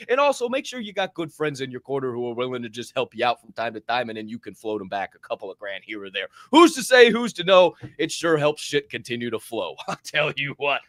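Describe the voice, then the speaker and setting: A man co-hosting a live podcast, telling a story in an excitable, profane way and acting out what people said. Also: on the high side, no room sound, studio quality. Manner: profane, excitable, acts out quotes. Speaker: podcast co-host. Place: hotel room.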